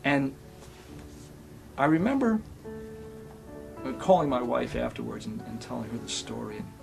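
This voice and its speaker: A middle-aged male actor telling a personal story in a reflective, sometimes soft and quiet way. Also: mid-range voice, very animated, measured pace, gravelly, music in the background.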